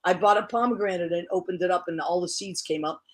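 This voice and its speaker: A woman's voice: fairly low pitch, fast. Chatty woman hosting an online show. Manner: chatty, warm, laughs easily, restarts often. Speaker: show host. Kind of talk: casual online chat show.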